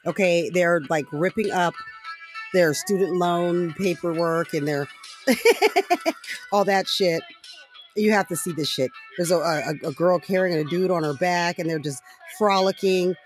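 Soft music plays behind a high-pitched man speaking at a measured pace. He's hosting his own podcast, giving a casual political rant packed with swearing and sarcasm, often laughing and rambling with fillers.

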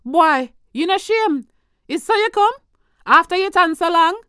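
A woman's voice: extremely high pitch, expressive, measured pace, pushed and bright, no echo, clean studio sound, voice pushed up, heavily acted. A woman voicing a disappointed Jamaican mother who scolds her son, with a Jamaican accent, reproachful and drawn out. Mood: scolding.

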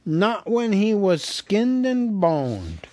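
A man voicing a big, brutish, slow-witted male troll who talks in coarse rough slang. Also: high-pitched, huge pitch swings, warm tone, pitched above the performer's own voice, full character voice. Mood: gruff.

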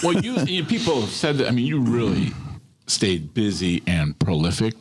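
A male interviewer with a somewhat low voice keeps the talk easy and conversational. He frames his questions casually, like an old acquaintance. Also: sing-song, moderate pace, slightly rough.

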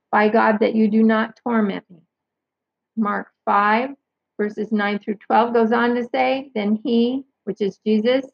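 A woman reading Bible passages aloud and commenting, carefully pausing to clarify who each pronoun means. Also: fairly high pitch, vocal fry, breathy edge, no room sound. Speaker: Bible teacher. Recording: dull lo-fi sound.

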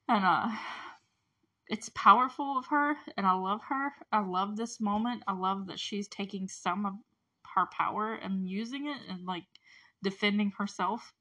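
A woman casually recapping a TV episode, chatty and animated, with lots of fillers and asides. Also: medium pitch, moderate pace. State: close to tears at moments. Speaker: show recap host.

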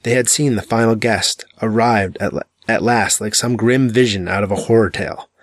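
A man narrating an audiobook in a measured, dramatic reading. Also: on the low side, no echo. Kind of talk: scripted narration.

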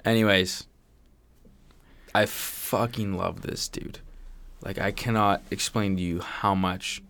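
A man's voice: low voice, steady tone, takes it slowly, creaky, a bit bright, a little hiss or hum. A man co-hosting a casual podcast, telling stories animatedly and swearing a lot. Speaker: podcast co-host. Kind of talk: casual chat.

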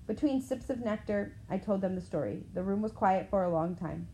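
A woman reading a first-person novel aloud in a steady, plain storytelling manner. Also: medium pitch, a little fast, hardly any pauses, slight background noise, low-quality recording. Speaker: audiobook narrator.

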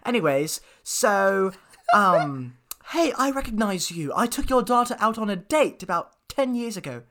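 Cheery, loud male manager voice, high and bouncy, put on by a man. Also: very animated, a little slow, exaggerated voice. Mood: chirpy. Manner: bright, loud, giggly. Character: chirpy upbeat male store manager. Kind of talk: improvised comedy impression.

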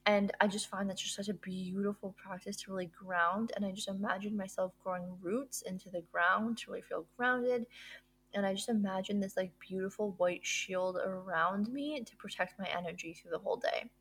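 A woman's voice: mid-range voice, fairly even intonation, normal speed, a bit bright, slightly rough. A woman hosting a podcast, talking through her routine in a casual solo monologue, upbeat and gushing, with lots of fillers. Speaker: podcast host.

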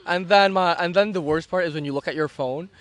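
A man telling a story in casual chat, animated, laughing often and acting out what people said. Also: on the high side, a little fast, no room sound.

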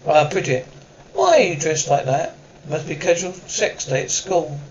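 A man's voice: on the high side, big pitch swings, a little slow, dull audio, a little hiss or hum. An actor playing a wisecracking middle-aged father in a sitcom, with a sarcastic, joking manner. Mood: wry. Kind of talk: sitcom acting.

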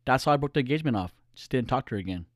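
A man's voice: mid-range voice, lively intonation, very fast, no echo, clean studio sound. Blunt, cursing middle-aged male storyteller. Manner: blunt, profane, acts out the voices. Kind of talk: casual personal storytelling.

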